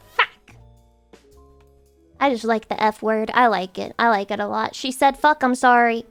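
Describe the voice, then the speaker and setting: A young woman from the American South with a light Southern accent, chatting casually on a stream, swearing freely and jumping into sudden high squeals. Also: steady tone, moderate pace, a bit bright, clean tone, soft background music. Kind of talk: casual stream chat reading viewer messages.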